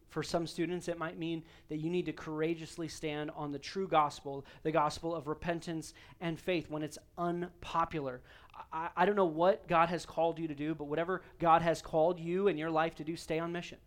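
High-voiced earnest man preaching. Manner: earnest, emphatic, repeats key phrases. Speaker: pastor. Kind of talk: sermon.

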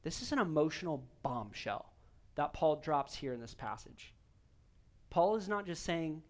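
A man with a notably high voice delivers a sermon from the pulpit. He speaks earnestly and with emphasis, hammering key lines by saying them again. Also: sing-song, unhurried. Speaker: pastor.

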